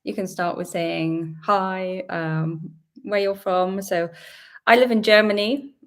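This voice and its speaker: A British woman from the UK, a little croaky from a sore throat, hosting a chatty, upbeat live-stream Q&A from home and greeting her viewers. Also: mid-range voice, fairly even intonation, takes it slowly. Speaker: host. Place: home indoors.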